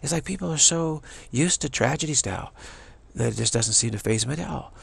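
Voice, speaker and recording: A man's voice: mid-range voice, animated, a little fast, vocal fry, breathy edge. A man giving an informal spiritual teaching talk in a loose, rambling way, often repeating phrases for emphasis.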